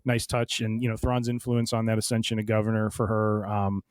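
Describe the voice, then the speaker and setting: A man's voice: fairly low pitch, completely flat delivery, brisk, clear, resonant tone, no room sound, clean studio sound. A man hosting a podcast, chatting casually about books in a rambling way, full of restarts and fillers. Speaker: podcast host. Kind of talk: casual book discussion.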